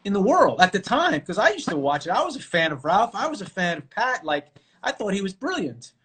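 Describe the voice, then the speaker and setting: A middle-aged man from New York, an actor guest telling stories casually on a live video call, animated and full of fillers and restarts. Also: high-pitched, brisk, husky. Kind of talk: casual storytelling interview.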